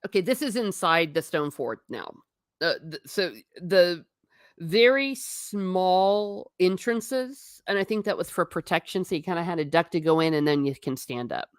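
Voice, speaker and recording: A woman's voice: fairly low pitch, expressive, moderate pace, no echo, studio quality. A woman chatting casually with viewers on a live stream while showing travel photos, often laughing and stumbling over repeated words. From not Irish. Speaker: livestream host.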